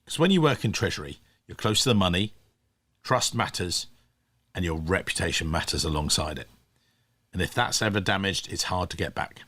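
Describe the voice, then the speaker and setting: A man's voice: low voice, animated, moderate pace, pauses often, fairly bright tone. A man hosting a podcast, giving an upbeat scripted introduction to the episode. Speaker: podcast host.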